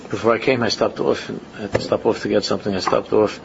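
This man's informal religious talk comes in a lowish, flat voice with vocal fry, delivered fast over a little hiss or hum. Repeating and restating phrases, he climbs into emphatic questions, all in a muffled lo-fi recording.

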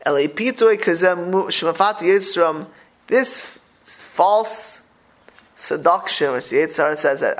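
A man teaching a Torah class as a rabbi to a room, talking in an animated way with many restarts and rhetorical questions. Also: sits high, unhurried, low-quality recording. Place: room with a live audience.

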